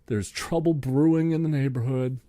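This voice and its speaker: A young podcast co-host rants sarcastically about sports on his own, swearing freely. His medium-pitched voice is warm and steady at a normal speed, in a studio-quality recording with no echo.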